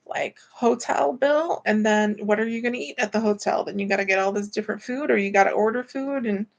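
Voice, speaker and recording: A woman's voice: mid-range voice, brisk, creaky. A woman hosting a casual live stream from home, chatting in a rambling way and reading viewer comments aloud. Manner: rambling and chatty, with many fillers. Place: at home, indoors.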